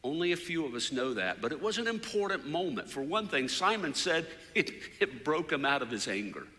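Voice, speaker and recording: A man preaching a sermon as a story, his voice climbing loud for shouted quotes and falling soft for prayers. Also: fairly high pitch, sing-song, brisk. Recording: long hall reverb.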